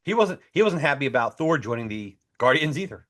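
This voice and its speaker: Quick, lively man talking comics. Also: mid-range voice. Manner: animated, blunt and enthusiastic. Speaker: podcast co-host. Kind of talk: casual chat reviewing comics and movies.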